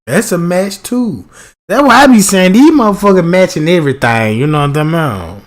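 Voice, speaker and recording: A man hosts a livestream in a slightly high voice, rambling loosely and swearing without restraint. He's brisk and expressive, constantly asking his audience "you know what I'm talking about" in his casual commentary.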